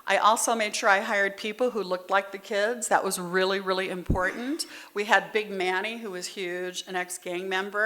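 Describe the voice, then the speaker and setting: A middle-aged woman with a bright, pushed, medium-pitched voice shares her personal testimony at a recovery meeting. She tells her story candidly and conversationally, heartfelt and close to tears at moments.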